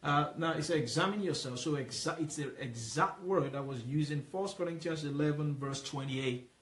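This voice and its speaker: Leading a Bible study, this man speaks with a fairly high, slightly bright voice against a roomy echo. He goes over points slowly and patiently, asking questions and leaving space for the listener to fill them in.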